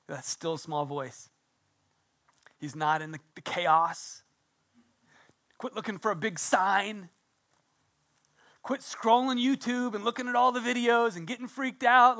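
Fervent high-voiced male preacher. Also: a little slow, gravelly, pauses often. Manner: passionate, swings from loud emphasis to hushed intimacy. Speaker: pastor. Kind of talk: sermon.

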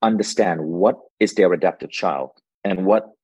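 A man's voice: low voice, moderate pace, a little mellow, husky, no echo, lo-fi sound. A man from Malaysia hosting a podcast interview, attentive and affirming toward his guest. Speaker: podcast host. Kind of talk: interview conversation.

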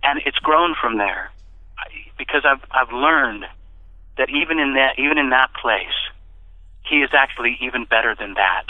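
Over a dry, tinny line that sounds like a phone, an interview guest relates his own experience in easygoing conversation at a moderate pace. Excited and animated, he keeps bursting into high-pitched quotes of what was said.

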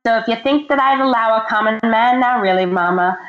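A woman's voice: a little high, brisk, fairly bright tone, lightly acted. A stubborn Irish widow mother, bickering in a lilting brogue, as a woman puts her on. The lines come out like recited song dialogue. The sound is roomy and a bit muffled. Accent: Irish (put on).

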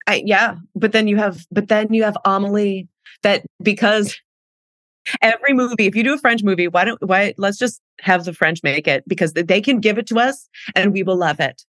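A woman's voice: medium pitch, moderate pace, fairly bright tone, no room sound. A woman guest in casual chat, enthusiastic and rambling, often cutting herself off mid-thought. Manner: enthusiastic, rambling, self-interrupting. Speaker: guest, actress.

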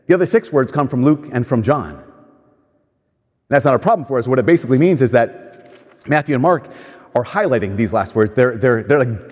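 A man preaching a sermon, reading scripture aloud with expressive, dramatic pauses. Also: medium pitch. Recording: reverberant hall.

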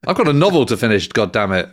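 A man co-hosting a casual podcast chat, animated and stumbling over his words as he makes his points. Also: mid-range voice. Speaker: podcast co-host, historian. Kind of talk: casual conversation.

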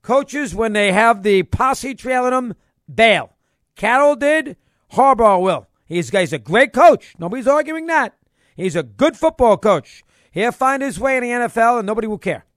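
A male sports radio host giving an emphatic, excitable opinion monologue and hammering his points through repetition. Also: very high voice, normal speed, no echo.

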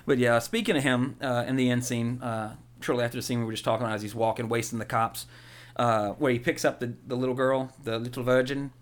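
Fast-talking excitable young man. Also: medium pitch. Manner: rambling, excitable, quick with jokey impressions. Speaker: podcast co-host. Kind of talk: casual movie chat.

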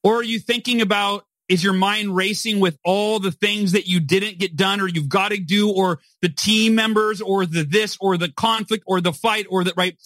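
A man in his forties, appearing on a podcast as a guest author, speaks high and a bit bright at normal speed with fairly even intonation and hardly any pauses, in a dry recording. He explains emphatically and motivationally, often ending with "right?"

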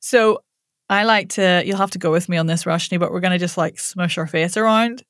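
A woman, a voice coach demonstrating vocal warm-ups in a playful, laughing coaching tone. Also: lowish voice, a little fast, dry recording, clean studio sound. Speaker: voice coach guest.

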